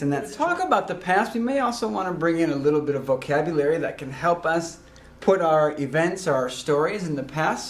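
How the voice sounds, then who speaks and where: A man teaching a recorded grammar lesson, explaining slowly and deliberately with frequent ums and uhs. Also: on the high side, reverberant. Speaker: Spanish teacher.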